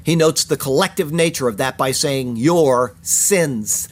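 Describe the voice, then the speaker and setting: A man giving a verse-by-verse sermon, reading Hebrew phrases aloud and explaining them in a measured way that stresses single words. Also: medium pitch. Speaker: pastor.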